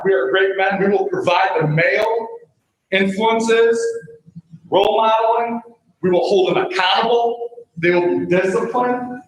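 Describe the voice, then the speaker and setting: A young man, a football coach, making an impassioned, pleading public comment at a school board meeting. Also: sits high. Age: young adult. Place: large meeting room. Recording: very echoey meeting hall.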